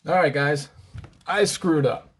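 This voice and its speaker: A man's voice: on the high side, slow, husky. A man hosting a casual show-and-tell vlog, chatty and rambling, often correcting himself, slightly out of breath. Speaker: host of a knife and gear channel.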